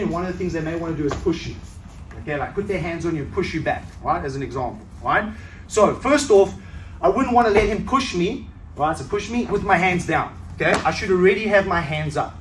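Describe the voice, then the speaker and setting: A middle-aged man leads a seminar class on self-defense in a relaxed, conversational way, tagging nearly every point with a quick check-in. His voice sits high for a man. The sound is roomy and distant, with faint ambience behind. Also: a little hiss or hum. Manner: conversational, checks in with "right?" constantly. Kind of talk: seminar teaching. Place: training hall at a seminar. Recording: echoey hall, mic from far off.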